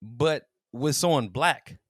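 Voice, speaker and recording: With a husky, mid-range voice and a slow pace, this man co-hosts a podcast, recording dry at studio quality. He's an animated storyteller in casual chat who laughs often and acts out the quotes he tells.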